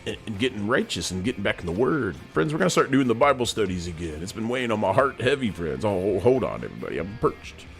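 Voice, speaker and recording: A man's voice: on the low side, big pitch swings, fast, gravelly, few pauses, soft background music. A middle-aged man, hosting a rambling, folksy monologue from his home studio as a sergeant major persona. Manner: folksy, keeps calling the audience "friends".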